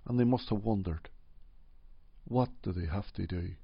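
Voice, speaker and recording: A middle-aged man with a soft Derry accent speaks slowly through a deep, gravelly voice. He tells his story gently and reflectively, sprinkling in "you know" as he goes. The recording is dry and a little muffled. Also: dry recording. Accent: Derry, Northern Irish. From Northern Ireland. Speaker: interview guest. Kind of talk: personal storytelling in an interview.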